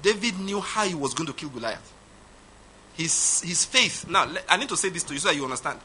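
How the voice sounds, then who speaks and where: A man preaching a sermon, emphatic, swinging from loud declarations to quiet asides. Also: on the high side, expressive, brisk, a little hiss or hum. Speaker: pastor.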